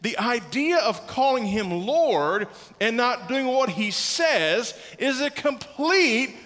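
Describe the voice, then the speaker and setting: Big pitch swings mark this man's very high, slightly bright voice as he preaches slowly from a church sanctuary. He stresses and repeats key words and asks the congregation questions, all heard through the reverb of the church hall.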